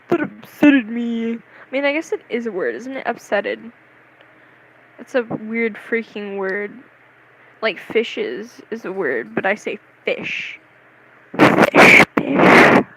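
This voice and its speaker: A woman vlogger telling a story in a casual, rambling, excitable way, often mocking herself. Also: medium pitch, slight background noise, low-quality recording.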